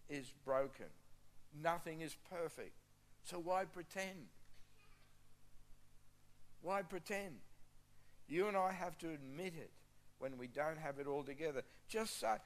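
A man preaches a sermon with emphatic delivery. He leans on repetition to drive his points home. His voice sits a touch higher than most men's. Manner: emphatic, repeats key phrases for stress. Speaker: pastor.

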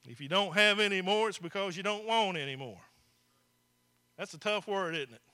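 A man's voice: sits high, moderate pace, sharp tone. A man preaching a folksy sermon to his congregation, speaking to them directly. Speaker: pastor. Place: church.

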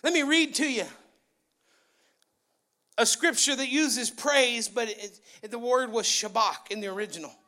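A man preaching a sermon in a church, excitable and loud, his voice rising into yelling. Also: very high voice, measured pace, long pauses. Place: church sanctuary.

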